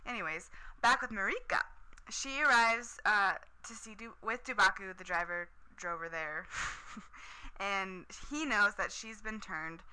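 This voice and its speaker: A woman's voice: mid-range voice, unhurried, pushed and bright, smooth, rough recording. A woman casually recapping a TV episode, chatty and enthusiastic, with lots of "um" and "like".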